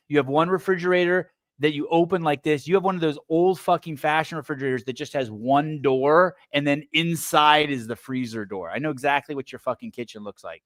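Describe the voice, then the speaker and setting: A man's voice: fairly high pitch, fairly quick, hardly any pauses, fairly bright tone, no room sound. Male podcast host, rambling and foul-mouthed, talking close to a dry mic. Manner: profane, rambling riffs with stammered restarts. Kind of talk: casual livestream commentary.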